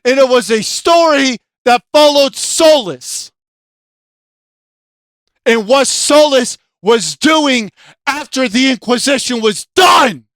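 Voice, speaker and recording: A video game commentator in an angry, profane rant, yelling often, with a throat sore from shouting. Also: high voice, lively intonation, slow, no room sound, clean studio sound.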